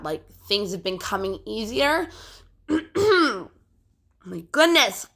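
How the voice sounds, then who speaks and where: A young woman talks casually into her phone, meandering through fillers and restarts. Her throat sounds phlegmy and she clears it often. The tone is bright and forward. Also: medium pitch. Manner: rambling, filler-heavy, frequent throat clearing. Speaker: vlogger. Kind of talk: casual chat to camera.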